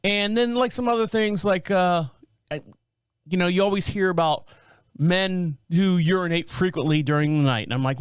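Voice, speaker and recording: A middle-aged man hosts his podcast in a casual, rambling monologue. He circles back, restarts his sentences and leans on fillers. His voice sits a little high and sounds dry and close on the microphone. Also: normal speed, clear, resonant tone, no echo. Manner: rambling, full of fillers and restarts, self-described scatterbrained. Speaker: podcast host.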